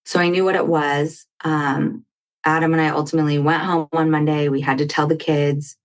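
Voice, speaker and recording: At a moderate pace and in a low voice, a woman recounts a personal story as a podcast guest. She's lively in the telling and acts out the words of the people involved.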